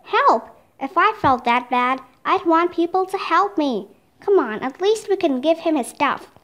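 Eager storybook girl, high voice, bright and pleading, read by a woman. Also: animated, a little slow, heavily acted. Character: excited eager young girl.

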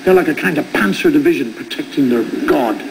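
A man's voice: fairly high pitch, animated, brisk, gravelly. A man in his fifties telling a wry stand-up monologue, acting out both sides of conversations in his stories. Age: 50s. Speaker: stand-up comedian. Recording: noisy old television broadcast.

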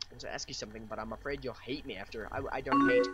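Speaking rapid-fire in a mid-range voice with fairly even intonation, a young gamer gives playful, swearing commentary on his play. He reads chat lines out and reacts with theatrical mock drama, with loud music and noisy keyboard typing behind him.

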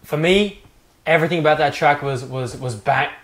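A man's voice: on the high side, moderate pace, fairly bright tone. A young man co-hosting a casual music review, blunt and teasing, swearing casually. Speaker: podcast co-host.

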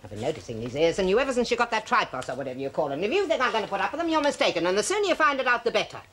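A woman's voice: medium pitch, sing-song, rapid-fire, a bit bright. An actress playing a worldly mother who pleads with her cold daughter, swinging between bluster and pleading, in a period film drama. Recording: old film soundtrack with faint hiss.

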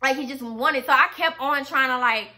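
A young woman with a high, bright voice that has a sharp edge. She tells a story straight to camera in a loose, animated way, packing every sentence with "like" and casual swearing. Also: moderate pace. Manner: animated, full of "like" fillers and swearing. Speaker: vlogger telling a personal story.

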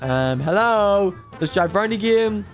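Man playing a greedy little toddler, very high squeaky voice, game music faint underneath. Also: a little slow. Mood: excited. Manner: high babyish voice, excitable gaming chatter. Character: mischievous toddler boy, excitable and greedy. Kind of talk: gameplay commentary in character.

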